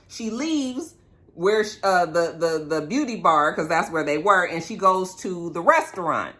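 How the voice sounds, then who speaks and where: A woman recaps a reality episode in a loose, chatty vlog. Her voice is bright and forceful. She is sassy and profane and keeps tossing asides straight to her viewers. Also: lowish voice, lively intonation, unhurried.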